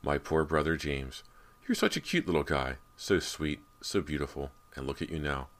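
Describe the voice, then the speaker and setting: A man's voice: very deep voice, normal speed, a bit bright. A male narrator voicing a bitter, vengeful ghost girl who broods darkly. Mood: mournful.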